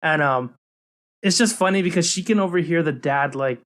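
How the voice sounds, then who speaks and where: A young man co-hosting a casual podcast, talking animatedly and mimicking characters in high voices. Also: normal speed, a bit bright. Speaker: podcast co-host. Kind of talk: casual chat.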